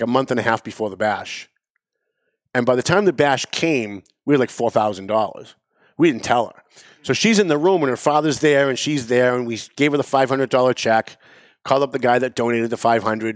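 A middle-aged talk radio host, speaking in a lively, emphatic way that keeps circling back to repeat his points. His voice sits in a medium pitch. The sound is dry and close, with little room around it. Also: no echo. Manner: animated, emphatic, repeats phrases.

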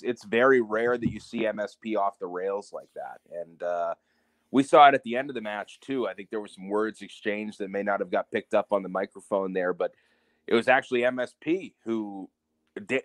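A man's voice: fairly low pitch, fairly bright tone, no echo. Man chatting casually on a podcast. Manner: conversational, reflective, some fillers. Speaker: podcast co-host, wrestling promoter. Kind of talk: casual wrestling podcast chat.

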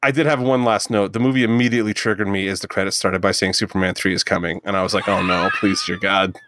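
A man's voice: on the low side, steady tone, racing, background noise. A man co-hosting a casual movie review podcast, rambling, sarcastic and profane. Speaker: podcast co-host.

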